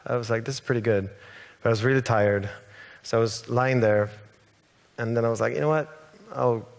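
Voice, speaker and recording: A man's voice: mid-range voice, a little fast, gravelly, long reverb tail. A man born in Sweden whose first language is Swedish, a songwriter guest telling a story in a rambling, hesitant way with many restarts. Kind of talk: casual stage interview. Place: large hall on stage.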